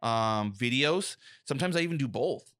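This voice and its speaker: A man's voice: mid-range voice, normal speed, no echo, clean studio sound. A young adult man co-hosting a casual podcast as a safety professional, talking emphatically and acting out quotes. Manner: animated, emphatic, acts out quotes.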